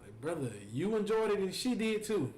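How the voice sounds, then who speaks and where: A high-pitched host tells stories and preaches casually on a stream at a moderate pace, animated and joking, with plenty of fillers. He's recorded in an echoey room with faint noise.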